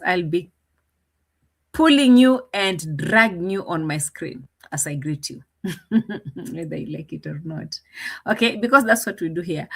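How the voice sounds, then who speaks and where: A woman's voice: medium pitch, a bit bright. A woman hosting a live reaction stream, chatting casually and laughing as she greets viewers by name. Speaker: reaction channel host.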